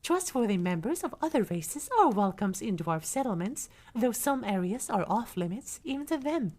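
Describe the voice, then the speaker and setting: A woman's voice: on the high side, sing-song, normal speed. Young woman reading aloud for ASMR. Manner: soft reading that breaks into chatty asides to chat. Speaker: livestreamer.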